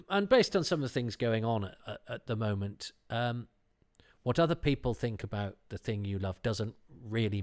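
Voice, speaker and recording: A man hosting a podcast, talking in a rambling, self-deprecating way with many restarts. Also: fairly low pitch. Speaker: podcast host. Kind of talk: casual chat.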